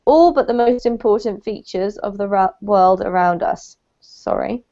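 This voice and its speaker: A woman's voice: medium pitch, unhurried, hardly any pauses, warm tone. A woman teacher giving patient, encouraging pronunciation feedback to a student in an online English lesson. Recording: dull lo-fi call audio.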